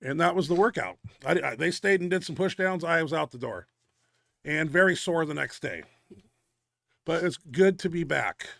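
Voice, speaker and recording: Middle-aged male host, out of breath, gravelly and profane, dry close sound. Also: on the high side, lively intonation, normal speed, fairly bright tone, no room sound. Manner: blunt, profane gym talk. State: winded and out of breath. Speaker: host of a powerlifting video show. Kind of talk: casual commentary over lifting videos.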